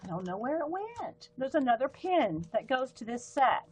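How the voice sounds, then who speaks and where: A chatty woman with a soft Southern US accent hosts a casual art live stream, talking her way through pens and markers. Her voice sits a little high, and she rambles and wanders off on little tangents as she goes. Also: sing-song, normal speed, breathy edge. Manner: chatty, rambling, easily sidetracked. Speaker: livestream art host.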